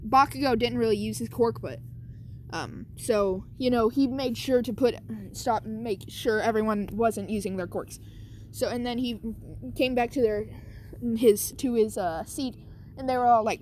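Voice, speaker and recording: A woman's voice: a little high, measured pace, slight background noise. A woman casually retelling a fan story, rambling and correcting herself with many fillers.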